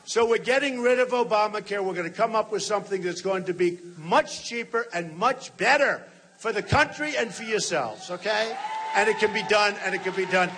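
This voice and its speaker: A man in his sixties with a high-pitched, slightly bright voice speaks at a moderate pace. He's a political candidate giving an off-the-cuff rally speech in a large hall, emphatic and repetitive, often addressing the crowd directly.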